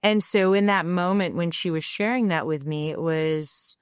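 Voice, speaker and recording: A woman's voice: on the low side, normal speed, clear, resonant tone, no room sound, studio quality. A woman co-hosting a parenting podcast, telling a candid personal story and acting out the quoted lines as she goes. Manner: animated, acts out quoted dialogue; reflective and candid. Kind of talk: conversational storytelling.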